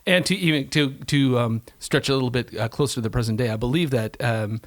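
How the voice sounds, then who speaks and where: A man's voice: medium pitch, fairly quick. Thoughtful man in casual podcast talk. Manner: thoughtful, conversational, often restarts phrases. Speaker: podcast co-host. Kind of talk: casual scholarly discussion.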